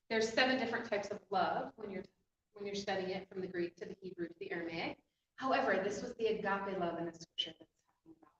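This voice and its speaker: A woman telling a personal faith story in an animated, emotional way, often breaking into laughter. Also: mid-range voice, slight background noise. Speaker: inspirational speaker. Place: echoey room. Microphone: distant mic. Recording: echoey room, distant mic, dull sound.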